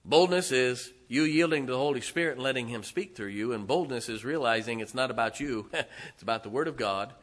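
Middle aged pastor guy preaching in church, bright punchy voice, chatty w/ lots of asides. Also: medium pitch, lively intonation, fairly quick. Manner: conversational preaching with laughs and asides. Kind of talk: sermon.

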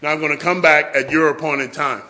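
A man's voice: fairly high pitch, fairly even intonation, fairly quick, bright, forceful tone. A man preaching a sermon in church, telling humorous stories and acting out family scenes. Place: church with a responding congregation.

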